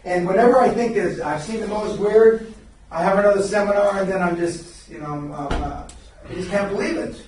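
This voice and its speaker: A man's voice: high voice, normal speed, a little mellow, a little hiss or hum. Blunt older man lecturing a seminar. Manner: blunt, profane, rambling storytelling. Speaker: seminar speaker and mentor. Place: seminar room. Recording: echoey room from far off.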